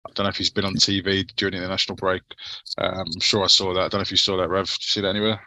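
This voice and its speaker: A man with a very bright, forward voice and a slightly low pitch hosts a laid-back football podcast. He rambles, swears casually and keeps passing questions to his co-hosts, recorded dry and close. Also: level tone, very fast, dry recording. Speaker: podcast host.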